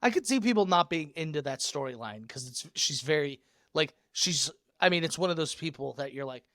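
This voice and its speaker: A young man co-hosting a casual podcast chat, excitable and loud, laughing often. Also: on the high side, brisk, no room sound, studio quality. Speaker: podcast co-host.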